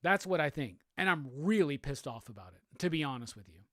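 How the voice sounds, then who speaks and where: Furious profane man ranting, lively pitch. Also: a little fast, no echo, studio quality. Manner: profane, repetitive, heated. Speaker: host. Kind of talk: angry solo commentary rant.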